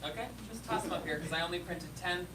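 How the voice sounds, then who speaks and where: A man's voice: high-pitched, quick pace, background noise. A man hosting a live show, with frantic, crude, rambling banter to the audience. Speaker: host. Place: live stage show indoors. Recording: echoey room, distant mic, loud audience laughter.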